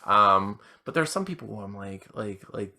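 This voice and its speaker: A drunk man hosting a podcast, rambling through a casual monologue with halting restarts and self-deprecating asides. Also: on the low side, lively intonation, gravelly, pushed and bright. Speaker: podcast host.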